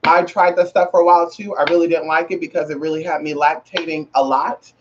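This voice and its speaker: A woman's voice: sits low, level tone, fast talker, background noise. A woman vlogger in casual chat to camera, sassy and slangy, calling listeners girl and honey and repeating phrases for emphasis. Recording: muffled lo-fi recording.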